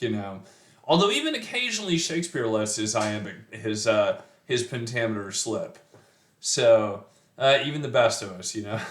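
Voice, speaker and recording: A man's voice: medium pitch, fairly bright tone. Man, middle-aged, casual poetry talk, rambling with restarts, echoey room. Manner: rambling, thinking aloud with many fillers and restarts. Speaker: poetry teacher.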